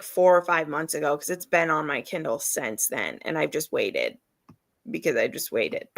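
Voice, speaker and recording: A woman's voice: on the low side, creaky, a bit bright, no room sound. A woman hosting a live reading stream, chatting casually and laughing often as she gushes about books. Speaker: readathon host.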